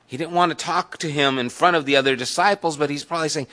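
A man's voice: a little high, fast, sharp tone. A man teaching a Bible study class in a conversational way, putting questions to the group.

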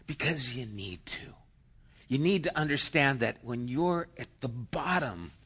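A man preaching a sermon, slow and emphatic, rising into loud cheering bursts. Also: mid-range voice, breathy edge. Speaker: pastor.

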